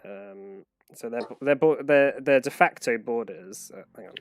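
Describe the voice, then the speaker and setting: Guy game-mastering a tabletop session, mid-pitched, rambling with lots of restarts, faint music somewhere behind. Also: measured pace, no echo. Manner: rambling, many fillers and restarts.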